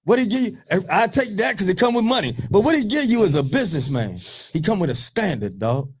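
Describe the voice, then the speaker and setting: A man in his thirties on a radio talk show, telling profane, animated stories in casual chat. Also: high voice, a little fast, breathy edge.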